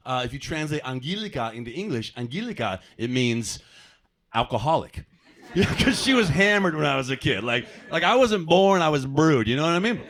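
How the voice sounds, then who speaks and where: An American man performs a stand-up set on a comedy club stage, speaking to the crowd conversationally and making self-deprecating remarks. His voice is fairly high and a bit bright, swinging widely in pitch, and he talks fairly quickly.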